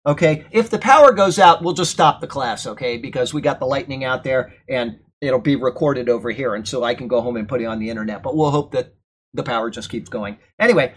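A man leading a Bible class in a church classroom, talking through scripture verse by verse. His delivery is loose and conversational, with quick asides and frequent checks on his listeners, and it grows animated when he stresses a point. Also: fairly high pitch, husky. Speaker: Bible teacher. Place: church classroom during a thunderstorm.

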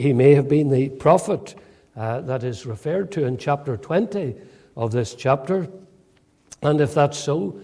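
A man preaching an expository sermon in a measured way, acting out quoted speech with many "uh" fillers. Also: on the high side, warm tone. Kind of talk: sermon, expository Bible teaching.

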